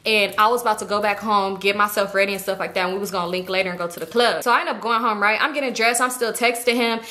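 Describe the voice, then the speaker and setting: A young woman telling a story in a casual, animated, profane way, acting out what people said. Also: medium pitch, fast. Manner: animated, profane, acts out quoted voices. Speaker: storytime vlogger.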